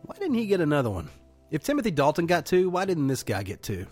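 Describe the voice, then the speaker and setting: A man's voice: on the high side, huge pitch swings, fast, a little mellow, soft background music. A man co-hosting a film podcast in casual chat, rambling with lots of fillers and crude slang. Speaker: podcast co-host.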